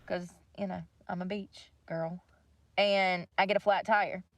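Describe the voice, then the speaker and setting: A woman's voice: fairly low pitch, steady tone, measured pace, dry recording. A young woman venting bluntly to livestream viewers, swearing freely. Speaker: livestream host. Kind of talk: casual rant to viewers.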